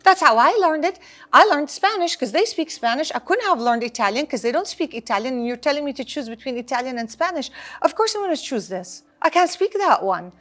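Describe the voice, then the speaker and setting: A woman parenting coach answering interview questions, talking in an animated, emphatic way and repeating phrases for effect. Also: high-pitched, brisk.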